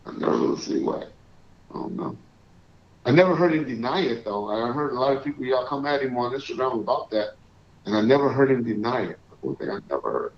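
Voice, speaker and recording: A man hosting a live call-in stream, chatting casually and reading out shout-outs to viewers. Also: medium pitch, animated, fairly quick. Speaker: livestream host. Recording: echoey, dull lo-fi stream audio.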